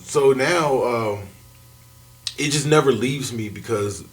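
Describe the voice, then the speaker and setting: A man chatting as a guest on a talk show, animated and laughing often. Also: medium pitch, slow. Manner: animated, laughs often, jumps between thoughts. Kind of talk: casual chat.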